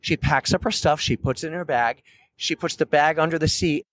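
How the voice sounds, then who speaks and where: A man from New Hampshire, a podcast co-host telling a story in casual chat, loud and animated, acting out quoted voices. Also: on the high side, a little fast, no echo. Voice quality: loud, carrying voice.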